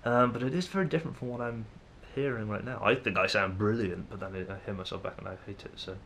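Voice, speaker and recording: Hesitant young Mancunian man, low voice. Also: quick pace, creaky, a bit bright, a little hiss or hum. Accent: Manchester English. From England. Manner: hesitant, thinking aloud with many ums and restarts. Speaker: vlogger. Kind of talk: casual musing monologue to camera.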